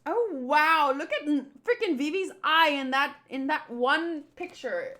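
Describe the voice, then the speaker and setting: Bubbly high-voiced woman reading manga aloud. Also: animated, a little slow, few pauses, bright, forceful tone. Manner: chatty and bubbly, comments as she reads. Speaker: manga readthrough host. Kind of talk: casual manga readthrough.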